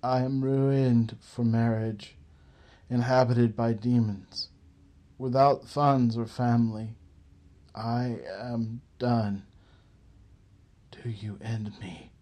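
A man voicing an exhausted, despairing young woman with a ragged, whispered, flat voice. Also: mid-range voice, slow, close to an everyday voice. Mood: weary.

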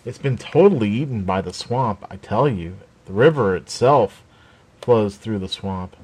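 A man voicing a tough, sharp-tongued woman scout who sneers and challenges others in a storybook reading. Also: on the low side, lively intonation, measured pace, breathy edge. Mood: blunt.

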